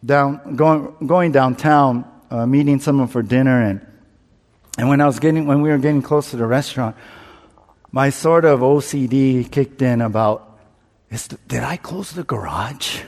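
A man's voice: medium pitch, fairly even intonation, normal speed, a little mellow. Self-mocking preacher man, echoing hall. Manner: candid, self-mocking storyteller who acts out his own panic. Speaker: pastor. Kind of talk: sermon with personal story. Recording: long reverb, as in a large hall.

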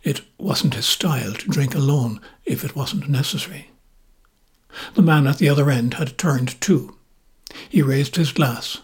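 An Irish man narrates a storytelling podcast in a measured, gently wry way. His voice is very husky and raspy, with a pitch in the middle range for a man.

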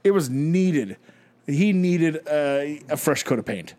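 A man co-hosting a casual podcast chat, chiming in quickly and swearing casually. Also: fairly high pitch, animated, mellow. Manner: quick interjections, laughs, profane. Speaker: podcast co-host.

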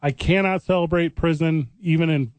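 A man with a Boston accent co-hosting a sports radio show, talking in wry, joking banter with quick asides. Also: a little high, a little mellow, no room sound. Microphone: studio microphone.

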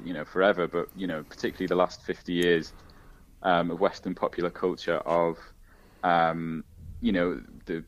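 A man with a very low voice, feeling his way through his thoughts with constant fillers and restarts. His audio sounds muffled and dull, as if it came through a lo-fi mic. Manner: hesitant, searching, many fillers. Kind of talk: casual discussion.

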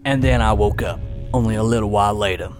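A haunted, weary frontier mayor, played by a man in a put-on accent, slow and heavy as he recounts his ordeal at length. The voice sits a touch low, and music plays behind it. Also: close to an everyday voice. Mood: grave. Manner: long grave monologues. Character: male small-town mayor, shaken gunslinger-era storyteller.

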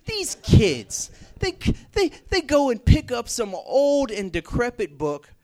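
A man voicing an exasperated young male college student, loud and mocking. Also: extremely high pitch, wildly swooping pitch, rapid-fire, voice pushed up, heavily acted.

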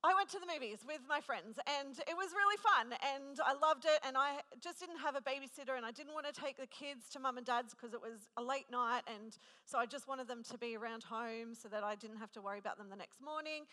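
A woman in her thirties preaches a conversational sermon at a women's gathering, telling a personal story in a chatty, self-deprecating way. Her voice sits high with a sharp tone, and she talks briskly with hardly any pauses. A long hall reverb surrounds her.

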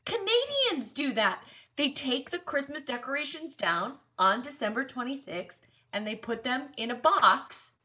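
Husky-voiced joking young woman. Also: high voice, very animated, unhurried, sharp tone. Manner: joking, dry storytelling. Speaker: podcast co-host. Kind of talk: casual chat.

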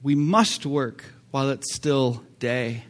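A man's voice: mid-range voice, slow pace. A man preaching a sermon, talking to his congregation in a conversational way, with fillers and sudden emphatic swells. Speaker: pastor.

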